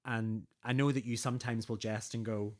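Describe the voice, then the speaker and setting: A man's voice: lowish voice, steady tone, moderate pace. A man co-hosting a podcast, talking in a reflective, hesitant way and often repeating words as he asks questions. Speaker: podcast co-host. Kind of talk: casual podcast chat.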